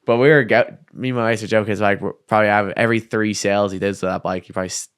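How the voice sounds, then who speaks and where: A young Irish man spins a casual story as a podcast guest, sprinkling his talk with slang and swearing. His voice sits low and comes across smooth and clear. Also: racing. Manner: animated, swears freely, slangy anecdote telling. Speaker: podcast guest, downhill mountain bike racer.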